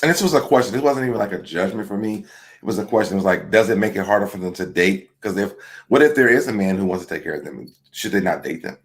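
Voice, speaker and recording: A man hosting a casual TV recap chat, who talks his ideas through out loud, repeating himself and adding "like" often. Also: lowish voice, animated, fast talker. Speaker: host.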